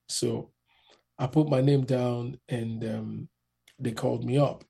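A man telling a rambling, animated story in a casual interview, acting out the people in it. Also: mid-range voice, slow pace, creaky, husky. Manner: rambling, animated, acts out the people in his stories.

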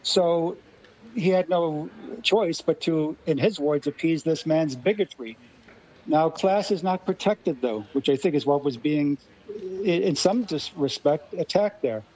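A man's voice: fairly high pitch, unhurried, a little mellow, highs cut off. A man from Los Angeles, a radio guest, arguing his points articulately. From Los Angeles, USA. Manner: articulate, argumentative. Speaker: guest commentator. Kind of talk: radio discussion.

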